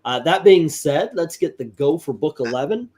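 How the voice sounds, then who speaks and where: A man hosting a casual live stream, rambling in a relaxed way. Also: on the high side, normal speed. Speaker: host.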